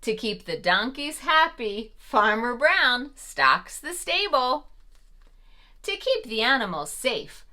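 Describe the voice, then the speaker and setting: A woman reads a picture book aloud to small children in a gentle, encouraging, sing-song way. She takes her time over each line, and her voice rises and falls a lot. Her tone is bright and clear. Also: fairly high pitch, very animated, slow pace. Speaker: preschool storyteller host. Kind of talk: read-aloud for preschoolers.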